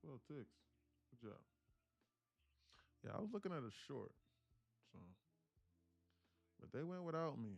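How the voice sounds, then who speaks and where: A man's voice: fairly high pitch, very animated, measured pace, creaky, pauses often, highs cut off, faint music behind. A man hosting a live trading stream, chatting casually and teasing viewers between market calls. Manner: joking, teasing chat with viewers. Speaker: livestream day trader host.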